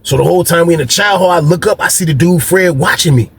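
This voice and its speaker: A man's voice: fairly high pitch, fast, creaky, a little hiss or hum. A man casually telling a story from his past in slangy, profane talk, repeating himself often.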